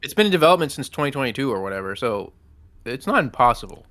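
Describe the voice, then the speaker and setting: Casting: quick, matter-of-fact male podcast co-host, bright voice, fast. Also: mid-range voice, big pitch swings. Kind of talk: casual live-stream chat.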